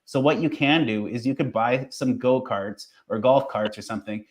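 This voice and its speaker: A man's voice: mid-range voice, moderate pace. A man in a casual podcast chat, explaining things in a loose, rambling way.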